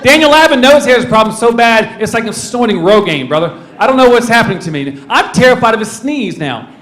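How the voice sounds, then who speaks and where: A man in his fifties doing stand-up crowd work, playing mock-grumpy and acting out quick voices. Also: extremely high pitch, animated, fairly bright tone. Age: 50s. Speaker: stand-up comedian. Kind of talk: stand-up set to a live audience. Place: corporate event venue. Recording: roomy venue with audience noise. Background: audience laughing.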